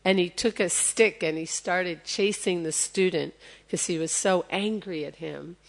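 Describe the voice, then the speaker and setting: A woman's voice: fairly low pitch, measured pace, gravelly. A woman giving a sermon, telling a sacred story and acting out what the people in it say. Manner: retells scripture as lively story, acting out quotes. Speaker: temple speaker.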